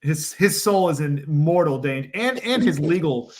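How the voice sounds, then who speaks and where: A man hosting a relaxed talk show, keeping the chat moving with playful, teasing banter. His voice sits a bit higher than most men's. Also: normal speed. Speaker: podcast host. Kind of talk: casual chat.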